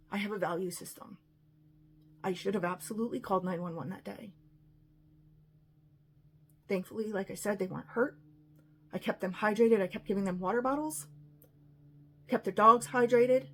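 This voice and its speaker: Husky woman telling her own story, gets heated quoting people. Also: mid-range voice. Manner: emotional, quoting others in retelling. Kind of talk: personal storytelling monologue.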